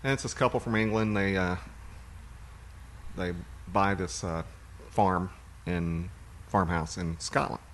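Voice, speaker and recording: A man's voice: low voice, unhurried, slight background noise. A man co-hosting a podcast, chatting casually and rambling about movies he has watched. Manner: relaxed, rambling storyteller. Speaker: podcast co-host.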